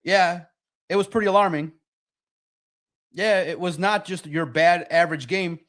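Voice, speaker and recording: A man hosting a casual sports talk livestream, excitable and rambling, with a slightly raspy voice. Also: high-pitched, measured pace. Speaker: podcast host.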